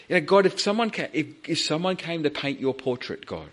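A man preaching a sermon in a church, animated and rising in pitch as he acts out the pleas in the passage. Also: fairly quick, hardly any pauses.

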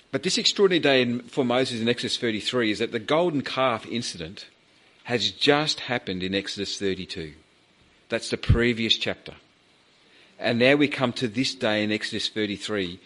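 A man preaching a sermon in a church, animated and rising in pitch as he acts out the pleas in the passage.

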